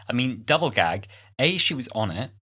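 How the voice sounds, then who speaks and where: A man's voice: medium pitch, very animated, sharp tone, husky. A man in his twenties co-hosting a podcast in casual chat, with self-deprecating asides. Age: 20s. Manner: chatty, self-deprecating asides, quick bursts. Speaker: podcast co-host.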